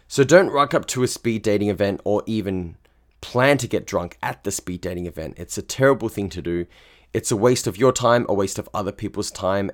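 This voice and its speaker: A young man hosting a podcast, giving casual advice in a chatty, slang-heavy way and laughing often. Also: on the low side. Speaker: podcast host and speed dating organiser.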